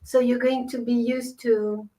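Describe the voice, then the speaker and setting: A woman from France speaks English with a clear French accent as a guest musician. She is friendly and polite, a little hesitant. Her voice is fairly high. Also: level tone, measured pace, mellow, poor audio. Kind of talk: casual interview chat.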